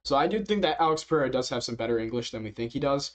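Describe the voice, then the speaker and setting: A man's voice: mid-range voice, animated, rapid-fire. A man casually commenting as a reaction video host, rambling with many fillers and frequent chuckles. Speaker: MMA reaction youtuber.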